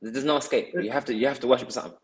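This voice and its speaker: A male podcast guest explains his ideas at length in a mid-pitched voice. He is earnest and often circles back over his words as he builds each point. His delivery stays conversational throughout. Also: racing, poor audio. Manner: earnest, explaining, many restarts and repeated words.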